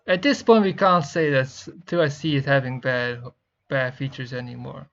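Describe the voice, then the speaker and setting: A young man giving rambling, excitable music reaction commentary, swearing often and filling pauses with "uh" and "like". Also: medium pitch. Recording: dull lo-fi mic with faint music. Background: faint music playing.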